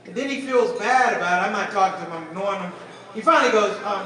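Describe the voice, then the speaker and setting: A man doing stand-up comedy at a fundraising dinner, telling animated stories and talking straight to the crowd. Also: sits high, fast talker. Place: banquet hall at a fundraising dinner. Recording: echoey hall, distant mic, crowd. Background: audience laughing and murmuring.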